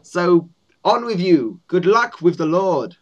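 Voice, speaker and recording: A man's voice: high voice, sing-song, slow, highs cut off, pitched above the performer's own voice, full character voice. Man putting on a stammering goblin guard. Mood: flustered. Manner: mock-archaic, stammering and formal. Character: stiff, fumbling male goblin guard.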